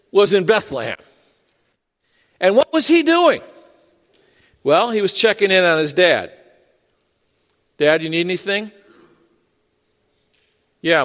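A man's voice: on the high side, a bit bright, big-room sound. A male pastor preaching a sermon in a conversational way, with joking asides.

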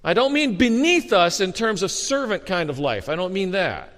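A man preaching a sermon as a pastor, animated and storytelling with humor, often restarting his words. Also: high-pitched, normal speed. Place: church sanctuary. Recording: long reverb of a hall.

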